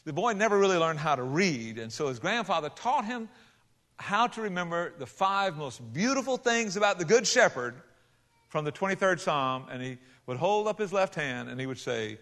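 A man preaching a sermon and telling a story, talking conversationally with many restarts and then building to loud, emphatic passages. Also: fairly high pitch, very animated, moderate pace. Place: large hall with a congregation. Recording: long hall reverb.

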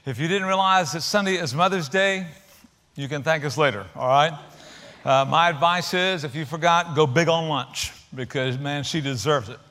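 A man's voice: fairly high pitch, normal speed. A pastor, joking and welcoming his congregation in a sermon. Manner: jokey, warm-hearted, uses fillers. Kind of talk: sermon and stage interview. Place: large church. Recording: echoey church hall.

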